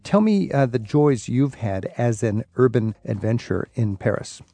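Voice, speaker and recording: Male radio host, mid pitch, warm mellow tone, dry studio sound, curious interviewer. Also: big pitch swings, normal speed, no echo. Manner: curious, enthusiastic questioning. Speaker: radio travel show host.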